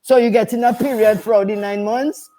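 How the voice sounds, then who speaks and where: On a casual radio chat, an older nurse and midwife from Dominica speaks fairly quickly in a higher, dark-toned voice with fairly even intonation. Her manner is emphatic; she repeats herself and firmly answers "no, no, no."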